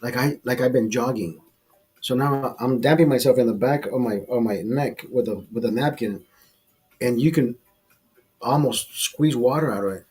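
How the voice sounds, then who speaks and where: A middle-aged man hosting a podcast, telling a profane, animated anecdote in casual chat and acting out the quotes. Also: medium pitch, normal speed, slightly rough. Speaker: podcast host telling a story.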